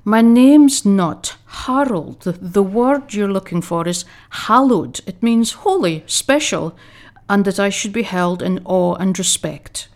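A woman's voice: mid-range voice, expressive, takes it slowly, darkish tone. God as a wry, patient deity, played by a woman. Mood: dry. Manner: dry, patient, teasing. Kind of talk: radio comedy sketch.

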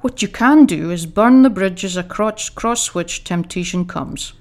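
A woman's voice: on the low side, expressive, unhurried, a little mellow. A woman voicing God in a radio comedy sketch, fatherly and down-to-earth, with a dry, teasing, patient manner.

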